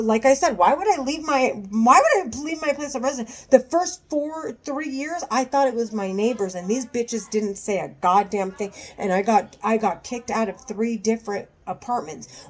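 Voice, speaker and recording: Agitated, profane woman ranting to camera. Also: on the high side. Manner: angry, profane, halting with restarts. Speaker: vlogger. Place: at home.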